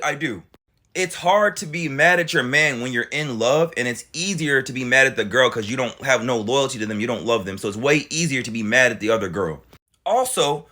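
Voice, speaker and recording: A man giving reaction commentary to viewers, animated and full of rhetorical questions. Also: sits high. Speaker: commentary creator reacting to clips.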